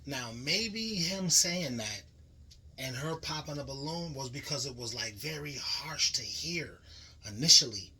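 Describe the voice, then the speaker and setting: Bright-voiced man in slangy reaction chat. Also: medium pitch, unhurried, low-quality recording. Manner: animated, slangy, restarts to make a point. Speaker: podcast co-host.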